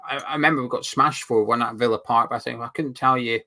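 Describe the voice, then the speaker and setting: A man's voice: medium pitch, steady tone, fast, pushed and bright. A man co-hosting a casual football fan watch-along, rambling a little as he reads out viewer comments. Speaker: fan channel co-host.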